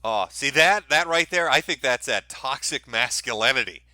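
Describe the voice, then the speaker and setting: A man's voice: mid-range voice, expressive, normal speed, sharp tone. A man hosting a commentary show, talking in a mocking, sarcastic, profane way.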